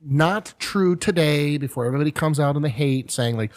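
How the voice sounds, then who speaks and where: A man's voice: a little high, fast. Rambling storytelling podcast host, man. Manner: rambling storyteller, animated quoted voices; drinks and chats over whiskey. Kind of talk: casual chat.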